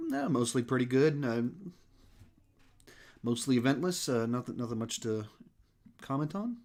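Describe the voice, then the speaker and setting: Male streamer host, relaxed chat, winded, lots of ums and restarts. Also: medium pitch, takes it slowly, pauses often. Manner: rambling, many fillers and restarts. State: slightly out of breath. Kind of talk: casual live-stream Q&A.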